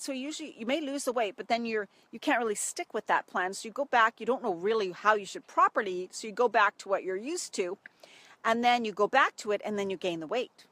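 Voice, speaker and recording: A woman's voice: on the high side, pushed and bright, no echo. Chatty middle-aged woman coaching outdoors. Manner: chatty, acts out worried inner voices. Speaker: health coach for women over 40. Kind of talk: casual live video talk. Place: outdoors by a stream in the wind.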